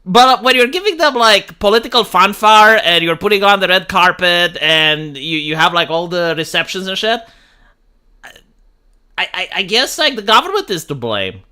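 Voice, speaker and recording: Reading the news aloud on a casual livestream, this host riffs bluntly and swears a lot. His high-sitting voice is very animated and smooth yet pushed and bright, at a moderate pace.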